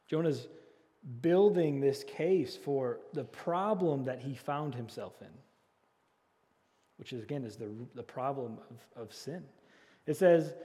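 A man's voice: a little high, a little slow, mellow. Preaching man in a reverberant hall. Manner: earnest preaching with repeated key phrases; leads call and response with the congregation. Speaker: pastor. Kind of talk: sermon.

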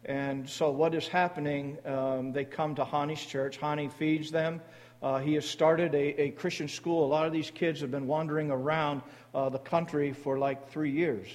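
A man's voice: fairly high pitch, level tone, a little mellow. Earnest man giving a church mission talk. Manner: halting, many fillers and restarts. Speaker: missionary speaker for a mission board. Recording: long hall reverb.

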